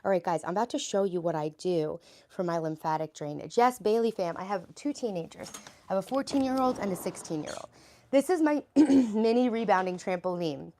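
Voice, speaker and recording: In a cluttered room at home, a middle-aged vlogger mom chats on a livestream and handles viewer comments on the fly. Her medium-pitched voice is brisk and dark, and there's slight background noise.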